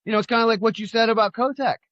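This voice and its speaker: Speaking rapid-fire in a very high, steady voice with a fairly bright tone, this man co-hosts a podcast and comes from California. His casual talk about politics drifts into stories, full of repetition and emphatic rhetorical questions. The recording is dry and lo-fi.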